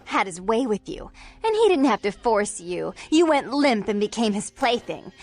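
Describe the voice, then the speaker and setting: A woman's voice: a little high, big pitch swings, normal speed, a little mellow, faint music behind. A woman voicing two feuding vampire sisters in a video game, contemptuous and dramatic. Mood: furious.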